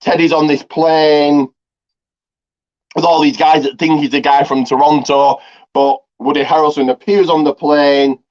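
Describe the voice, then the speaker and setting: A man's voice: fairly high pitch, level tone, measured pace, darkish tone. Rambling man retelling a movie plot. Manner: rambling, heavy on fillers and restarts. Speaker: movie reviewer. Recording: slightly dull lo-fi audio.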